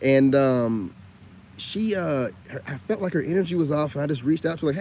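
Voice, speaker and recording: A man with a slightly high voice talks straight to camera in a loose, slangy monologue that keeps circling back on itself. When he gets indignant, his pitch leaps up sharply. Faint rain patters behind him. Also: animated, moderate pace, a little mellow, slight background noise. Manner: loose, repetitive, full of slang and fillers. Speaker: online commentator on narcissism.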